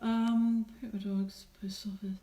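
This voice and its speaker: A woman's voice: mid-range voice, flat delivery, unhurried, warm tone. A middle-aged woman, a watercolour artist, chatting casually while she paints and teasing her viewers as she reads out their comments. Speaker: watercolour artist hosting a live painting session.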